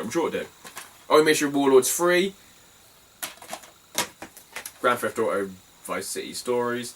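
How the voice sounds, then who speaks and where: A man's voice: medium pitch, big pitch swings, measured pace, long pauses, a bit bright, far from the mic, a little hiss or hum, poor audio. British man rambling through a vlog. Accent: British English. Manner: rambling, swears freely, laughs through anecdotes. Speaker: retro game collector vlogger. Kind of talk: casual vlog.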